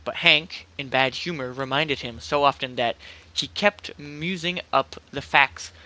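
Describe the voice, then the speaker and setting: Bright-voiced young man reading aloud. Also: mid-range voice, measured pace, low-quality recording. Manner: hesitant, stumbles and restarts, lots of "like". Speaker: amateur story reader. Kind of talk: casual read-aloud of a horror story.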